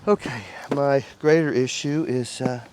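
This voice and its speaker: A man with a sniffly chest cold talks slowly and a bit breathlessly as he explains his work outdoors. He chats along as though to himself, with faint outdoor noise and buzzing bees behind him. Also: mid-range voice, a little mellow. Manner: slow, chatty, talks to himself while working. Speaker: beekeeper. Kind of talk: outdoor how-to vlog. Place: outdoors by beehives.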